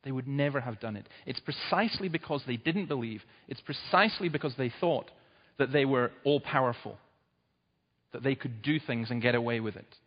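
A man's voice: medium pitch, normal speed. A man preaching a sermon in an emphatic, urgent way, his voice rising sharply at points of stress. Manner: emphatic, urgent preaching with sudden loud rises. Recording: dull sound with long hall reverb.

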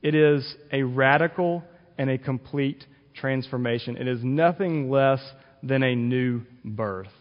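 A man's voice: medium pitch, measured pace. Man preaching in a reverberant hall. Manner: earnest, explanatory, with fillers and restarts. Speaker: pastor. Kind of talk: sermon. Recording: dull audio with long reverb in a hall.

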